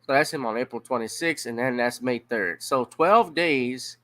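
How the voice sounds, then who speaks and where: A man's voice: medium pitch, fairly bright tone, no echo. A man from Louisiana, giving blunt, profane casual commentary on a news story. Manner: blunt, profane, drawn-out emphasis.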